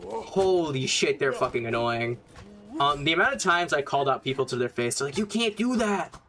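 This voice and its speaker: A man's voice: medium pitch, lively intonation, brisk, bright, forceful tone. A young man casually commenting while streaming a game, blunt and rambling, swearing often.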